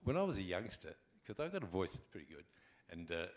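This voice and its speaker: A deep-voiced older man with an Australian accent, an actor appearing as a convention panel guest, talks fast while telling wry, easygoing stories. He's animated and acts out the anecdotes.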